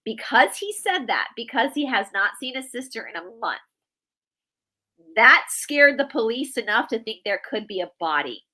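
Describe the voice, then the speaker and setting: A woman's voice: a little high, sing-song, normal speed, pushed and bright, low-quality recording. A woman co-hosting a casual chat, telling a story earnestly and emotionally, with frequent restarts. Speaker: podcast co-host. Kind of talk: casual chat about a news case.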